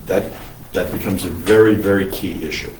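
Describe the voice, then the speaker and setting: A male priest giving an unscripted lecture, halting often to restart his sentences. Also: low-pitched, fairly even intonation, a little mellow, a little hiss or hum. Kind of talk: recorded lecture. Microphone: single mic, speaker sometimes covers it. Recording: roomy echo, mic at a distance.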